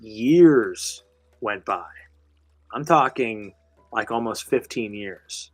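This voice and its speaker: A man's voice: lowish voice, lively intonation, slow, dry recording, faint music behind. A man hosting a live show, telling a story in a casual, rambling, conversational way with casual swearing. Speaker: host.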